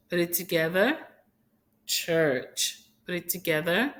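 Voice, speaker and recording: A woman's voice: lowish voice, lively intonation, takes it slowly. A woman teaching phonics to young children, sounding out letters one at a time and repeating each word. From Haiti.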